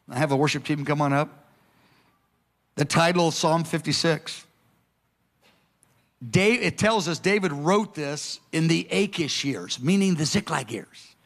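A man preaching a sermon with passion, moving between loud urgings and soft, hushed prayer. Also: on the high side.

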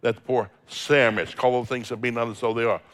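A man's voice: mid-range voice, steady tone, quick pace, a bit bright. A middle-aged man preaching as a guest speaker, quoting scripture and acting out everyday dialogues in a folksy storytelling manner. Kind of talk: sermon.

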